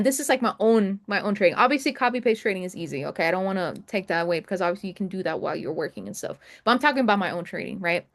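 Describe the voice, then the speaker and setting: A young adult woman in a casual coaching call, mentoring traders, who talks in a chatty way and keeps asking "right?". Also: mid-range voice. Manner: chatty, repeats "right?" often. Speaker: trading mentor.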